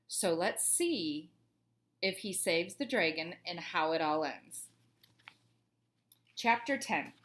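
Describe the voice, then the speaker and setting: A woman's voice: medium pitch, a bit bright. A woman, a teacher, reading a children's book aloud in a cheerful, chatty way.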